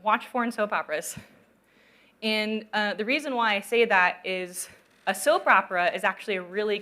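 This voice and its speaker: Woman, conference speaker, bright, conversational, keeps asking "right?". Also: medium pitch. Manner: conversational, checks in with "right?" often. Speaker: conference speaker on narrative design. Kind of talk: conference talk with audience questions.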